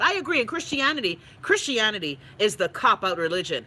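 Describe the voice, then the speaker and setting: A Bahamian woman from the Bahamas hosting a casual live stream, reading viewer comments with blunt, profane, animated talk. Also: a little high, a little fast, few pauses, slight background noise, rough recording. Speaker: host.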